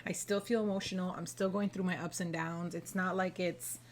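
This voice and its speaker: A young adult woman telling a family story to her viewers in casual vlog chat, acting out the dialogue with lively energy. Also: fairly low pitch, brisk, a little hiss or hum. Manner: animated, acts out quoted dialogue. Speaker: vlogger and mother.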